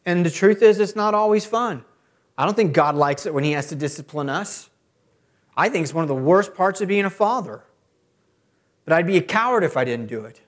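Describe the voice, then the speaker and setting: A middle-aged man preaching a sermon as a pastor. He often builds to loud, emphatic peaks. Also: fairly high pitch, animated, normal speed.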